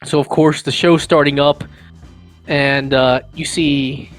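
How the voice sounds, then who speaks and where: Casual higher-voiced game master. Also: male voice, level tone, slow pace, faint music behind, low-quality recording. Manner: casual, filler-heavy describing. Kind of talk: narrating a tabletop game.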